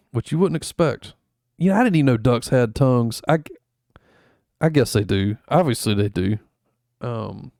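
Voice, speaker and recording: A man's voice: medium pitch, darkish tone, no echo, studio quality. A man streaming in a rambling, laid-back chat full of fillers, going over his travel photos. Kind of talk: casual chat.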